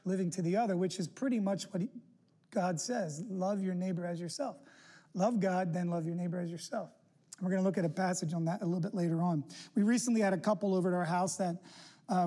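High-voiced man preaching a casual sermon. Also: darkish tone. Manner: casual, storytelling, restarts and asides. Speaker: guest preacher. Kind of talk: conversational sermon. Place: church sanctuary.

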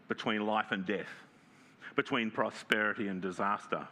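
A man preaching a sermon in a conversational way, often checking in with the congregation and reading scripture aloud slowly with emphasis. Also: sits low, bright, forceful tone, slight background noise. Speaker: pastor.

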